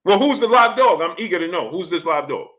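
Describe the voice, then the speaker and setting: A man's voice: high-pitched, lively intonation, fairly quick, a bit bright. A man hosting a boxing livestream, talking casually, greeting chatters by name and firing the same question again and again.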